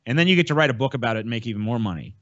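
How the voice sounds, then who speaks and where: A man's voice: mid-range voice, animated, very fast, no echo. Crude, profane podcast co-host man. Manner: profane, rambling, joking. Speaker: podcast co-host reading donations. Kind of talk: crude casual podcast banter. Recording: dull lo-fi mic.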